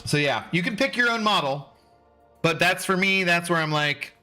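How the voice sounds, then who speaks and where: A man in his forties from Washington State, USA hosts a livestream, reading chat and talking casually with viewers in a loose, profane way, laughing often. His voice sits high with lively intonation and a bright, forceful tone at a moderate pace, with faint music behind.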